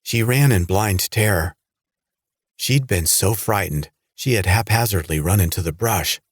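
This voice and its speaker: A man narrating a horror audiobook with dramatic, lively storytelling. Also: fairly low pitch, unhurried, husky, dry recording, clean studio sound.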